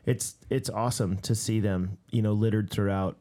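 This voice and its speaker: A man's voice: lowish voice, fairly even intonation, moderate pace, warm tone. A man and ministry leader chatting casually with friends, rambling with many restarts and telling stories with laughs. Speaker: ministry leader and podcast co-host. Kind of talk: casual chat.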